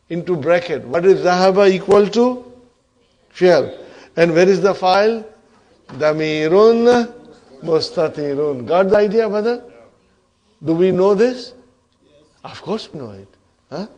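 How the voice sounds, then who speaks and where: A man's voice: sits high, darkish tone. A man teaching an Arabic grammar class, quizzing students and checking in with "huh?" and "okay?" as he goes. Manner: addresses class as brothers and sisters.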